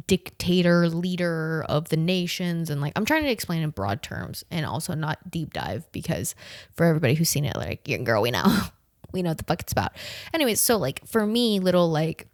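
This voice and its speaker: A young woman in her twenties from the southern United States, telling a story in a casual, animated, profane way, full of slang and "like". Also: low-pitched, normal speed, no room sound, clean studio sound. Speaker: podcast host.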